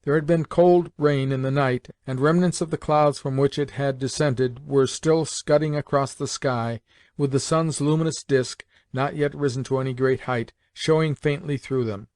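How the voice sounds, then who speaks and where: A man's voice: mid-range voice, steady tone, moderate pace, darkish tone, no room sound, studio quality. Man reading an audiobook. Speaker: audiobook narrator. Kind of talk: audiobook narration.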